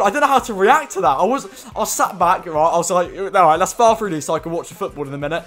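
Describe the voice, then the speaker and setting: A young man giving excited commentary while opening packs in a football video game, full of loud, laughing outbursts. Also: high voice, quick pace, hardly any pauses, soft background music. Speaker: gaming YouTuber.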